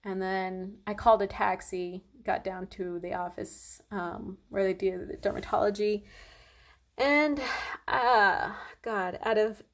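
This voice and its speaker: A woman's voice: mid-range voice, steady tone, takes it slowly. A young woman vlogger telling a long personal story in a casual, rambling way, full of fillers and "like".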